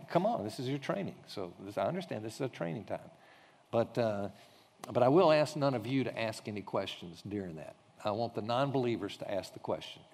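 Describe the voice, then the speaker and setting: A pastor leading a training class, telling a story in a conversational way with frequent fillers and restarts. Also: male voice, mid-range voice, darkish tone. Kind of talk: teaching talk with a personal anecdote. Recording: long hall reverb.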